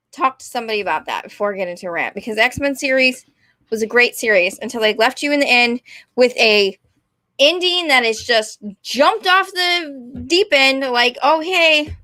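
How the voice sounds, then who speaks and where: High, bright young woman ranting. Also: lively intonation, moderate pace, no room sound, studio quality. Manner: rambling, apologetic, self-deprecating. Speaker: vlogger. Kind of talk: rambling casual rant.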